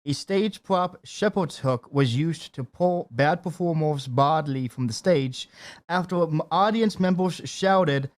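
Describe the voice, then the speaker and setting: A man co-hosting a podcast in a studio, telling stories in a casual, animated way and laughing often. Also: fairly high pitch, unhurried. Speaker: podcast co-host. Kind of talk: casual chat.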